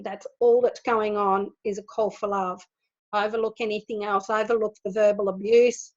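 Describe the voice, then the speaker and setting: A woman giving a gentle spiritual talk to an online group, repeating words for emphasis. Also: medium pitch, flat delivery, normal speed. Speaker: spiritual teacher. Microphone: video call. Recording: dull lo-fi video call audio.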